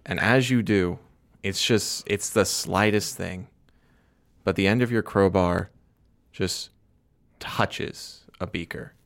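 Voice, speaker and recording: A man with a very low, deep voice narrates a tabletop role-playing game as its game master. He builds suspense with vivid description and lingering pauses. A steady background noise sits clearly under the recording.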